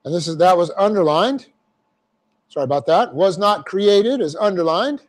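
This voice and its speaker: Here a high-pitched, expressive man speaks at normal speed while teaching a verse-by-verse Bible lesson. He breaks down Greek grammar step by step, tossing in folksy asides and repeating key phrases for emphasis.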